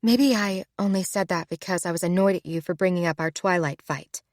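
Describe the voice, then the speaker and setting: A woman voicing an expressive young woman in a romance audiobook, close and dry. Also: lowish voice, a little fast, no echo, close to an everyday voice. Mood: earnest. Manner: animated, shrieks when startled. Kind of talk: audiobook character voice.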